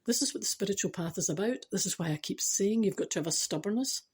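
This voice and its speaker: A woman's voice: medium pitch, animated, fast, darkish tone, breathy edge. A woman from Scotland with a Scottish accent, giving a chatty spiritual talk to her viewers, emphatic and self-mocking with dry humour. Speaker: spiritual vlogger.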